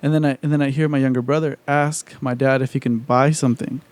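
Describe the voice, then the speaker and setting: Man, podcast co-host, warm dark voice, casual rambling chat, swears a lot. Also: mid-range voice, fairly even intonation, fast talker. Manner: rambling, profane, full of "like" and restarts.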